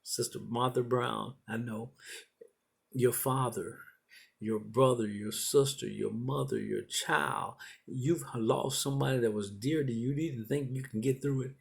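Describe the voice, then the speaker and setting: Man, middle-aged, preacher, gravelly, husky, repeating encouraging lines. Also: mid-range voice, steady tone, measured pace. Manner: repetitive, encouraging preaching cadence. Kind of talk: sermon.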